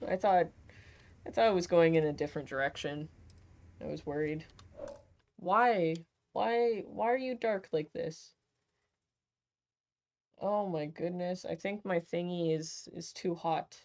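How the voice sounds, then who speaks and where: A woman's voice: on the low side, measured pace, long pauses, darkish tone, dull audio. Giggly, playful woman streamer. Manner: playful, giggly, reads chat aloud with innuendo. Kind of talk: casual live-stream chat while gaming.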